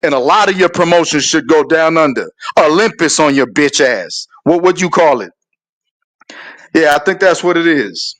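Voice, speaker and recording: Male stream host, higher voice, profane heated rant. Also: lively intonation, moderate pace, a bit bright. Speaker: show host. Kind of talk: ranting live stream talk.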